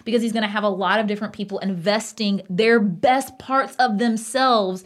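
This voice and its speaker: A woman, co-hosting a casual podcast chat and talking in an emphatic, passionate, animated way. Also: mid-range voice, normal speed. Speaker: podcast co-host.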